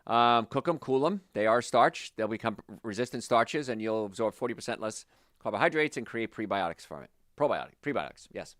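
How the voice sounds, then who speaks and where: A male holistic health practitioner, his mid-range voice running a little fast, casually tackles viewer questions with lively, chatty energy and frequent detours into anecdotes. The sound is clean studio audio without echo.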